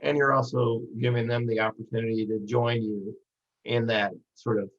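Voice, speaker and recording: A man's voice: mid-range voice, level tone, moderate pace, dull audio. A man hosting an interview who reflects thoughtfully and hesitantly, with frequent ums. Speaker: podcast host. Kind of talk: conversational interview.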